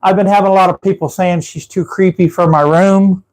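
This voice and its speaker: High-voiced chatty Texan man. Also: level tone, brisk, a little mellow, low-quality recording. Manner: rambling, chatty, laughs at his own stories. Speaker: livestream host. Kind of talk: casual live chat with viewers. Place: his room at home.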